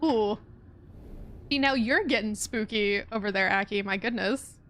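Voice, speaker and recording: A woman's voice: medium pitch, unhurried, a bit bright, slight background noise. A young woman streaming a puzzle game, chatting in a rambling way and laughing often. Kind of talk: casual let's-play chat.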